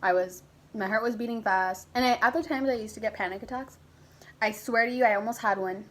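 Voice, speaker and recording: A young woman vlogger chats casually through a personal story, animated and a bit crude, sometimes switching to a high squeaky voice for her younger self. She talks a little fast, and the audio is poor.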